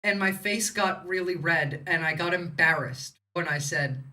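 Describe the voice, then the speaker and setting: A woman from the United States riffs through casual political commentary on her livestream, blunt and sarcastic. Her voice sits low for a woman but has a bright, forceful edge, and she rambles from point to point. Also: a little slow. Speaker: livestream host.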